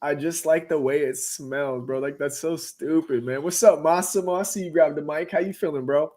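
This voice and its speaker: A man's voice: a little high, steady tone, moderate pace, a little mellow. A man hosting a casual live chat, laid-back and slangy, often laughing while he talks. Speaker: host.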